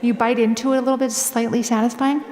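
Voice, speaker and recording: A woman with a Minnesota accent, her voice sitting a little high, tells funny stories to a crowd with animated, laughing delivery. She sounds like she's speaking on stage in a large auditorium, with a long reverb tail and clear background noise in the room. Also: fast. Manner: animated, comic, often laughing through lines. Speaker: author speaking at a library event. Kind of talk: humorous live storytelling talk.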